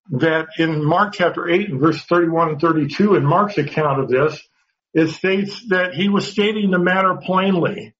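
A man's voice: on the high side, fairly bright tone. A man teaching a Bible study class, earnest and explaining step by step, often repeating words as he goes. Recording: dull lo-fi sound.

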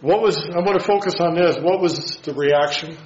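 A man preaching a sermon in a halting way, with restarts and rhetorical questions. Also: on the high side, darkish tone, echoey room, lo-fi sound.

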